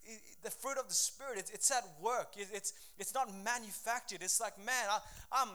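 A middle-aged pastor preaching a sermon in a fervent, conversational way, with frequent restarts. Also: male voice, high-pitched, moderate pace, bright, forceful tone.

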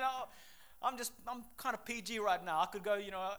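A young man preaching a sermon in an energetic, conversational and emphatic way. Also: extremely high pitch, fairly quick, clean tone.

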